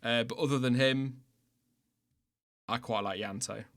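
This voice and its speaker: British man, stream host, casual chat, self-mocking, laughs a lot, mid-pitched voice. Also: steady tone, unhurried, fairly bright tone. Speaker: livestream host.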